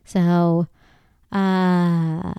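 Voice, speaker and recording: A woman hosting a podcast alone, ranting in a casual, profane way, getting loud and emphatic as she goes. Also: on the low side, flat delivery, drawn-out words, clean tone, dry recording. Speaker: podcast host. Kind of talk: casual solo monologue.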